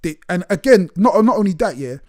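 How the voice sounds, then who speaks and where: A man's voice: high-pitched, expressive, a little fast, a little mellow. A man hosting a casual live chat, telling stories animatedly and acting out the exchanges. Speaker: host.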